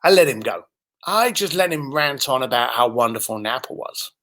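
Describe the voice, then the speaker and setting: A man's voice: mid-range voice, expressive, moderate pace, bright, forceful tone. A man telling a business story, acting out both sides of a phone call. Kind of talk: animated storytelling.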